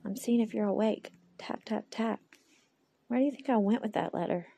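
Gravelly, husky woman talking to herself. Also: mid-range voice, fast, mellow. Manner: candid, rambling, talks to herself aloud; faith-filled, speaks of God. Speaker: podcast host. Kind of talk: personal podcast monologue. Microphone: phone.

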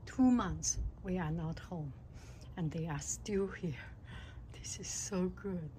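Delighted woman, slow and gasping. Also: on the low side, warm tone, a little hiss or hum, low-quality recording. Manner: gasping and delighted, repeats herself. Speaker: vlogger. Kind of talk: casual garden vlog. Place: home garden, outdoors.

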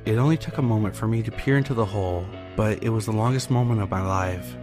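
A man's voice: fairly low pitch, fast talker. A man narrating a first-person horror story in an intense, anguished manner. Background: faint music.

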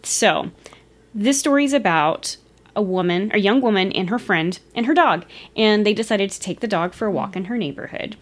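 A woman's voice: medium pitch, expressive, normal speed. A woman retelling a story in a casual, chatty way, giggling and sometimes losing her place. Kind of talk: casual storytelling of a ghost encounter.

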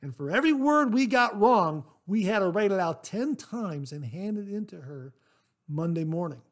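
High-voiced chatty man hosting a podcast. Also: expressive, normal speed. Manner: chatty, rambling, frequent "uh" fillers; warmly thankful and enthusiastic. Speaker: podcast host. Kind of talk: casual solo podcast, reading listener mail.

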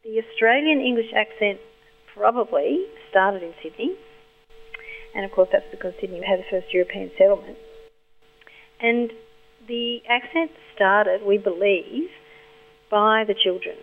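A woman linguistics expert explaining thoughtfully and patiently in a phone interview, pausing as she thinks. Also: medium pitch. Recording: tinny phone line with faint hum.

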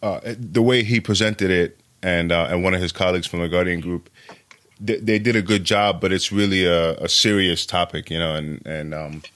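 A man co-hosting a casual podcast, speaking haltingly with many pauses and ums. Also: deep voice, fairly even intonation, fairly bright tone.

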